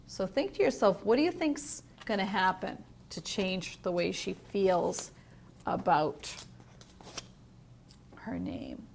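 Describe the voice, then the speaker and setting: A woman teacher reading a picture book aloud to young children. She is gentle, explains words and asks questions. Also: medium pitch, expressive, unhurried, vocal fry, hardly any pauses, a little hiss or hum. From United States.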